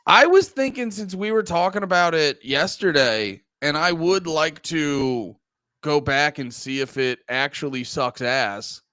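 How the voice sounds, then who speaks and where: A man's voice: fairly high pitch, a little slow, clean tone, no room sound. A man co-hosting a podcast in casual, crude banter, joking and filling his talk with "like.". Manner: lively, joking, lots of fillers. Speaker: podcast co-host.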